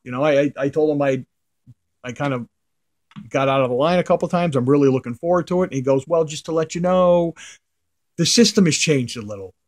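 A man's voice: on the high side, fast talker, darkish tone. A middle-aged man, a comic art collector, casually telling a rambling anecdote to the camera, his voice trailing off into mutters at the ends of phrases.

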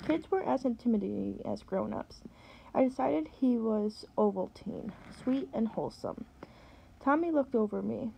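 A woman, a teacher, reading a novel aloud and pausing to explain words. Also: on the high side, expressive, vocal fry, mellow, a little hiss or hum, poor audio.

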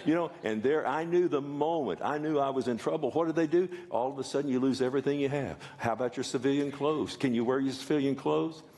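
A man's voice: mid-range voice, fast talker, hardly any pauses, a little mellow. Older preacher guy, folksy sermon, cracks jokes, asks the crowd lots of questions. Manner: folksy, joking asides, many rhetorical questions. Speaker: pastor.

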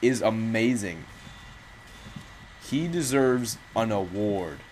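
A man with a fairly low voice gives live gameplay commentary. He rambles through jokes and self-mocking asides. Faint noise sits under his voice. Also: lively intonation, slow pace, darkish tone, rough recording. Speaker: gaming channel host.

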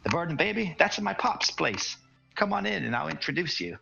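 A man voicing a curious, cheeky young hobbit boy who yells excitedly to his friends. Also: brisk, vocal fry, lo-fi sound, over music, full character voice. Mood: eager. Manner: excited, high childish yelling.

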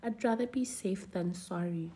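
A woman's voice: mid-range voice, normal speed, dark tone, lightly acted. A woman voicing a small, cautious female field mouse in a storybook reading, sensible and earnest.

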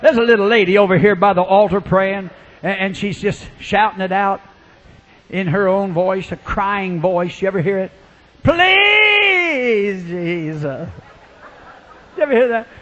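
A man preaching a revival sermon, fervent and storytelling, swinging from quiet asides to shouting and acting out the people in his stories. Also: high-pitched, steady tone, moderate pace, muffled recording.

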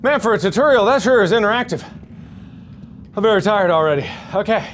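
A man in his thirties, a gaming YouTuber doing let's play commentary, animated and yelping as he plays in VR, winded from moving. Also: sits high, a little fast, slight background noise. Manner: animated, yelps and jokes while playing VR.

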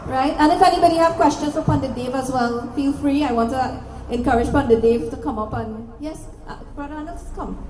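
A woman's voice: high voice, a little fast, hardly any pauses. A woman from Trinidad and Tobago with a Trinidadian accent, giving a public talk and spirit readings in a direct, coaxing, repetitive way. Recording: echoey hall, faint noise.

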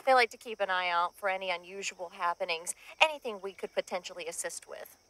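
A woman's voice: fairly low pitch, fast, pushed and bright, a little hiss or hum. A woman playing a dry, no-nonsense cemetery night-shift worker who takes on investigations in a horror-comedy short film.

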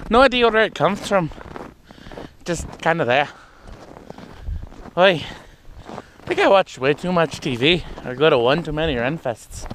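Guy doing farm chores on a vlog, slow lively swearing ramble, half-faked accent, faint outdoor noise behind. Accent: vague put-on accent that comes and goes. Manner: rambling and cursing, coaxes animals in a high voice. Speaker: vlogger.

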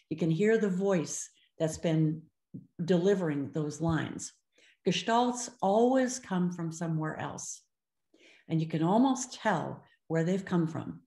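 Expressive older woman lecturing in a roomy space. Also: lowish voice, takes it slowly. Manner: expressive, slips into voices when quoting children and parents. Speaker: speech-language clinician presenting. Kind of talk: webinar lecture. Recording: roomy echo.

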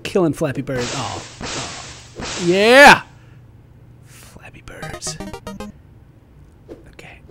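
Excitable man doing game commentary. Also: on the high side, extremely slow, gravelly, long pauses, faint music behind. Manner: excitable, yelps and laughs at the game. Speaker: gaming YouTuber. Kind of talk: let's play commentary.

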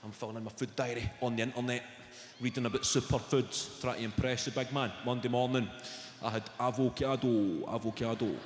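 A Scottish man doing a stand-up routine, telling brash, sweary stories and reeling off rapid food lists. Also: mid-range voice, flat delivery. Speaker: stand-up comedian. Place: large theatre stage. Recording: echoey live hall with loud room ambience.

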